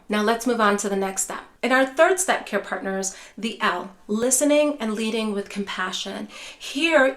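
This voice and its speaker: A woman teaching dementia caregivers straight to camera, reassuring and direct, often speaking to them as care partners and softly modeling calming phrases. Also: mid-range voice. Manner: warm, reassuring, addresses viewers as care partners; acts out gentle calming phrases in a soft voice.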